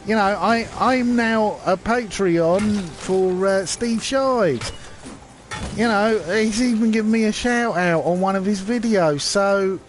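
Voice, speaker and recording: Man, high-pitched, slow rambling rant with sarcastic asides, faint hiss behind. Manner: rambling, sarcastic, many restarts and fillers. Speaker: channel host. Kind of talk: casual rant to camera.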